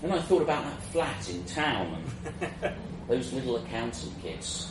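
A man's voice: mid-range voice, sing-song, unhurried. A man narrating a first-person fantasy story in a wry, self-mocking way, in a roomy, distant, noisy recording.

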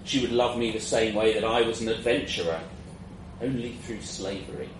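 A man's voice: lowish voice, moderate pace. A man narrating a first-person fantasy story in a wry, self-mocking way, in a roomy, distant, noisy recording.

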